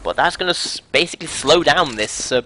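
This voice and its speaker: A man casting a live video game match, calling the play quickly with jokey asides. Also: on the high side, expressive, sharp tone. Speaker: esports caster.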